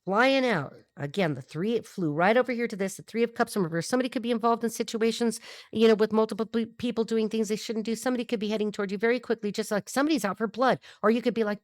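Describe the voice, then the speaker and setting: A woman talks through a tarot spread in a loose, animated way, hopping between ideas. She is blunt and swears freely, with quick wisecracks. Her voice sounds close and dry. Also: on the high side, no echo. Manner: blunt, profane, wisecracking asides; animated, jumps between thoughts. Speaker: tarot reader. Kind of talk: casual tarot reading.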